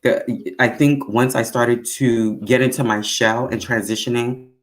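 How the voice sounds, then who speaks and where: A woman with a Brooklyn accent telling stories as a guest, animated and full of acted-out quotes. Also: measured pace. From Brooklyn, New York. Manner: animated storyteller, acts out quotes with big pitch swings. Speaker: guest actor. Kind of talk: casual storytelling interview.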